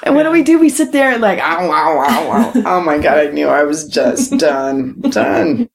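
A woman's voice: on the low side, moderate pace, vocal fry. A middle-aged woman co-hosting a podcast, telling a racy story in candid casual chat with lots of laughter. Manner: bawdy, laughing, animated storyteller. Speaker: podcast co-host.

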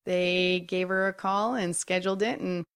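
A woman's voice: fairly low pitch, steady tone, moderate pace, clear, resonant tone. A woman co-hosting a podcast in casual, bubbly chat, teasing and laughing often. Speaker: podcast co-host.

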